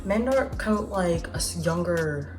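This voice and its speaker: A woman's voice: on the low side, animated, normal speed, over music. Chatty slangy woman in her twenties. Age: 20s. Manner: chatty, slangy and profane, with asides and laughs. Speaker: vlogger host. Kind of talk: casual nostalgic chat.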